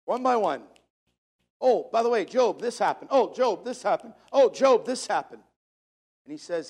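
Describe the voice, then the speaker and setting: A man's voice: very high voice, very animated, normal speed, gravelly, a little mellow, husky. A man preaching a sermon to a congregation, repeating key phrases for emphasis in a preacher's cadence. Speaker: pastor.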